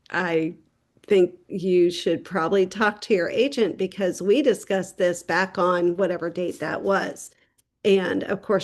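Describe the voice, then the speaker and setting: A woman real estate agent gives a casual tip to other agents. She talks in a chatty, storytelling way and slips into quick voices for the people in her story. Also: mid-range voice. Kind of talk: casual how-to tip video.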